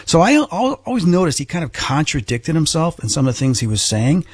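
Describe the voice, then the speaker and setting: Middle-aged guy w a husky voice, telling his story all earnest, dry close sound. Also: fairly high pitch, animated, quick pace, no echo. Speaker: guest. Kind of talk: personal storytelling.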